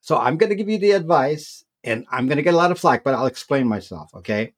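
A man speaking as a guest in an interview, talking casually about technology. His voice sits in a middle pitch, and he stumbles through restarts and repeated words while he works his way to a point. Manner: halting, many repeats and restarts. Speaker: tech video creator as guest. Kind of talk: casual explanatory interview talk.

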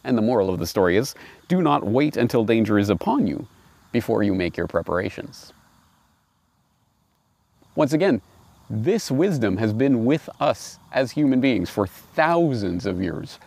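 A man reading fables aloud and commenting on them, animated and wry. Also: mid-range voice, creaky, no room sound. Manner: animated, wry, laughs at his own points. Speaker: host.

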